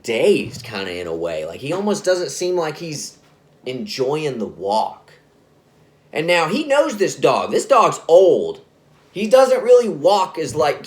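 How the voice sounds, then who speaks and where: A man telling a spooky story in a casual, rambling way, often correcting himself. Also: a little high. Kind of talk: spoken scary story narration.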